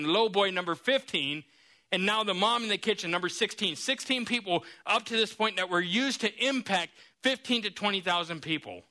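A man preaching a sermon, telling a story in an animated, lively way. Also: high-pitched.

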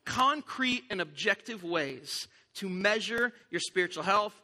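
A middle-aged man preaching a sermon, telling a family story in a conversational way with lively quoted voices. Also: sits high, unhurried. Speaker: pastor. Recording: long hall reverb.

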